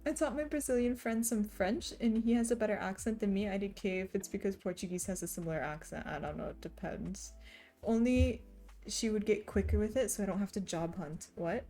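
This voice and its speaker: A woman's voice: mid-range voice, brisk, mellow, faint music behind. A woman streamer chatting casually and reading chat messages aloud, laughing often. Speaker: streamer reading chat while cross stitching.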